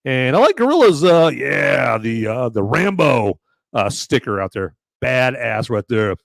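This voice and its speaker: Lively, profane podcast host. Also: male voice, mid-range voice, unhurried, gravelly, no echo, studio quality. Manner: animated and profane, bantering with chat. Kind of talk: casual live-stream chat.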